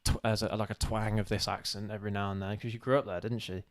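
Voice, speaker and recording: A man co-hosting a casual live stream, halting and self-deprecating as he searches for words. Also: lowish voice, level tone. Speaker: co-host of a live show.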